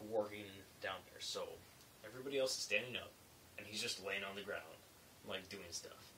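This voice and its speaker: A construction laborer tells casual late-night work stories, rambling loosely and using plenty of fillers. His lowish voice is bright and forceful, but the recording is rough, with faint hiss and the mic set at a distance.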